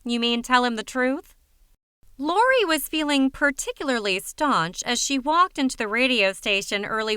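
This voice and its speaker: A woman narrating an audiobook in an even, wry storytelling manner on a close studio mic. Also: on the high side, smooth, no echo.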